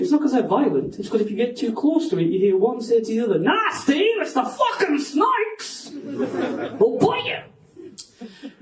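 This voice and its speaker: A man's voice: high voice, dark tone, recorded from a distance. A Scottish man doing a stand-up set on a comedy club stage, rambling, self-mocking and sweary. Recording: roomy club sound from off-mic.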